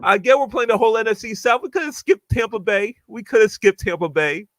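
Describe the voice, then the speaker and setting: A man co-hosting a podcast in casual sports chat, quickly grading games one after another in a lively way. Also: high-pitched, no echo. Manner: animated, grading each game in a quick list. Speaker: podcast co-host.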